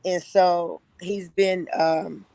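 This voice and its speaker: A woman in her fifties giving an earnest, halting personal testimony to her church. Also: on the low side, level tone, gravelly, warm tone, dry recording. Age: 50s. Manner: earnest, halting, with frequent pauses. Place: livestreamed church gathering.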